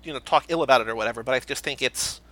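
A man hosting a casual movie podcast, running through award categories with quick, animated delivery. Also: mid-range voice, dry recording. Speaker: podcast host.

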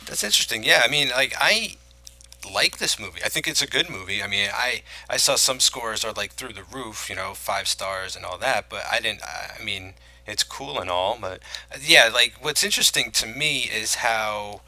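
Man, podcast co-host, rambling casual chat, dry close sound, low voice. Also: lively intonation, normal speed, sharp tone, no room sound, rough recording. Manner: rambling, many restarts and "like"s. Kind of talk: casual film-talk chat.

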